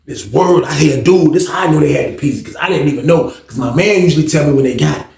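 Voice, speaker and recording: Gravelly man telling a street story. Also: on the high side, quick pace, echoey room. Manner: animated, acts out quotes and sound effects. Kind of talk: casual storytelling.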